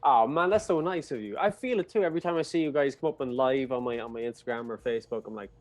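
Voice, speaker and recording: A man's voice: medium pitch, fast, no room sound, soft background music. A man chatting as a podcast guest, friendly and rambling, laughing often. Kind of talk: casual comedic chat.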